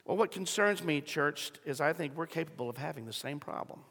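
A middle-aged man preaching to a congregation, telling a story and building to loud emphatic peaks, with frequent throat clearing. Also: on the high side, animated, a little fast. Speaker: pastor. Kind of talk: sermon. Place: large church sanctuary. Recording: long reverb of a large hall.

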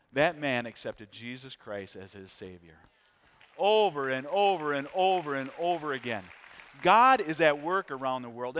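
A middle-aged American man preaching a sermon, telling stories in a conversational, animated way and asking the congregation questions. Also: on the high side. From United States. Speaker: visiting missions preacher. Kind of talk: sermon with storytelling. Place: church sanctuary. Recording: long reverb of a large church hall.

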